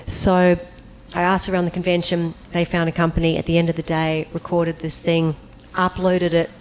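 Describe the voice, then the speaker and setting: A woman on a convention panel telling an animated anecdote, acting out voices and breaking into high, laughing squeals. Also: normal speed, a little hiss or hum, poor audio.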